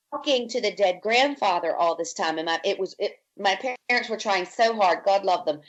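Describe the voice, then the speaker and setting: A woman's voice: mid-range voice, highs cut off. A woman from Virginia, a podcast guest, telling her life story in an interview and acting out the voices of the people she quotes. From Virginia, USA. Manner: lively storyteller who acts out quoted speech.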